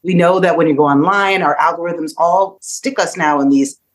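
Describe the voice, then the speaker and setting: A woman's voice: lowish voice, normal speed. A woman in her fifties, a podcast guest, talking in a reflective way and asking rhetorical questions. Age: 50s. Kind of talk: casual discussion.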